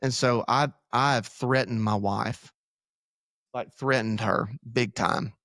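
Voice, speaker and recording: Candid rambling pastor talking casually. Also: male voice, mid-range voice, steady tone, slow, fairly bright tone, dry recording, clean studio sound. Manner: candid, rambling, self-deprecating. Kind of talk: casual podcast conversation. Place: church podcast room.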